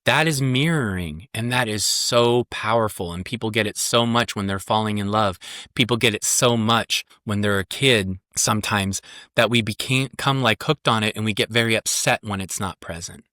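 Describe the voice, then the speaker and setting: A man's voice: on the low side, normal speed, bright, forceful tone, dry recording, clean studio sound. A man, a psychotherapist and parenting coach, speaking as a podcast guest in an earnest, emphatic way that repeats key points. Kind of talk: podcast interview.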